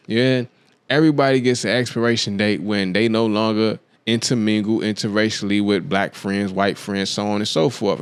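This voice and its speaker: A man's voice: medium pitch, no echo. A man hosting a show, talking through his views in a loose, casual monologue, often checking in with "you dig what I'm saying?". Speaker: podcast host.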